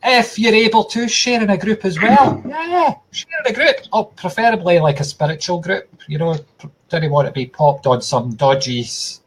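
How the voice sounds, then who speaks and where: A man's voice: high-pitched, normal speed, slight background noise. A Scottish man hosting a casual live stream, chatty, jokey and self-mocking.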